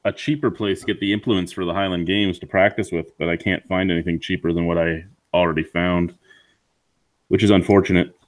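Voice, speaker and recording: A man chatting casually on a beer show, rambling and a bit halting. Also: low voice, steady tone. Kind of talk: casual chat.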